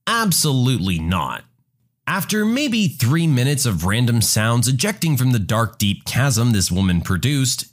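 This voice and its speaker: A male narrator telling a scripted first-person story. His delivery is dry and mocking, and his voice sits at an average pitch. It rises and falls in very wide, lively swings.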